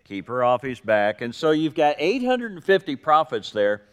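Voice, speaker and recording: A man preaching a sermon, telling a story with lively quoted voices and dry jokes. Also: a little high, normal speed, clean tone. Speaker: pastor. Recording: reverberant hall.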